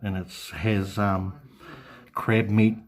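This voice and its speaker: A man's voice: fairly low pitch, level tone, takes it slowly. A man chatting casually on a live stream, rambling and hesitant, full of ums and restarts.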